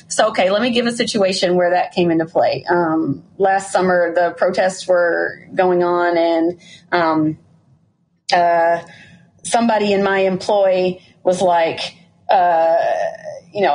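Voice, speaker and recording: A woman's voice: on the low side, steady tone, measured pace, a little mellow. A woman co-host on a casual podcast. She speaks frankly and candidly, often poking fun at herself. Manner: frank, candid, self-deprecating.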